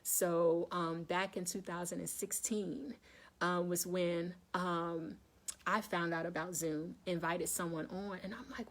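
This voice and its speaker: A woman with a slightly low voice runs a relaxed wellness live stream and talks straight to her viewers. She is chatty and encouraging, calls everyone y'all and keeps checking that they are still following. She repeats her key points so they land. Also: unhurried. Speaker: wellness coach hosting a live chat.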